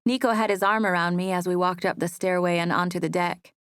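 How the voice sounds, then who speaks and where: Soft-spoken woman reading a romance audiobook. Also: on the low side, fairly even intonation, fairly quick, clear, resonant tone, dry recording, studio quality. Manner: soft, intimate storytelling. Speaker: audiobook narrator. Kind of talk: first-person romance audiobook narration. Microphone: close studio mic.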